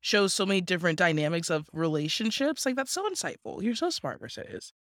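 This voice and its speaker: A woman's voice: lowish voice, sing-song, fast, no echo, studio quality. A young woman co-hosting a podcast in casual chat, giggly and effusive, saying "like" often. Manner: giggly, effusive, says "like" a lot. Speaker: podcast co-host.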